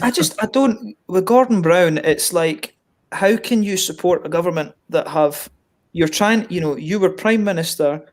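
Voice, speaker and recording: A Scottish man chatting on a live stream, his voice a touch high for a man. He jokes around, laughs a lot and drops the odd swear. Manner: jokey, laughs often, swears when riled. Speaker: host of a beer review stream. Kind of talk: casual chat on a live stream.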